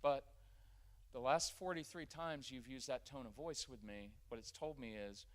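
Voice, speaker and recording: Lively middle-aged man leading a workshop. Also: medium pitch. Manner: energetic and conversational, acting out quick family scenes. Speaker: parenting workshop speaker. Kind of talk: live workshop talk. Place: church gathering with a live audience.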